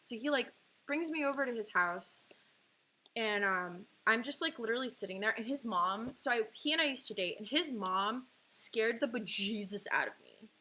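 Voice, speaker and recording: With a slightly high, animated voice that's pushed and bright, a twenty-something woman from California talks at normal speed on her livestream, where she's the artist and host. Her personal story comes out casual and emotional, full of "like" and laughs.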